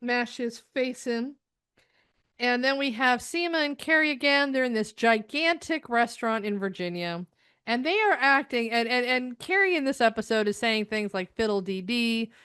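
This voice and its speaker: A woman's voice: on the high side, expressive, moderate pace, sharp tone, smooth, no room sound, studio quality. A middle-aged woman from the United States, ranting sarcastically through a TV episode review, exasperated and rambling.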